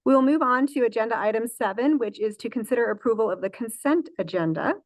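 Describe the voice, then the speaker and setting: A woman's voice: on the high side, fast talker, dry recording. A woman presiding over a public school board meeting, running motions and votes with frequent fillers and self-corrections.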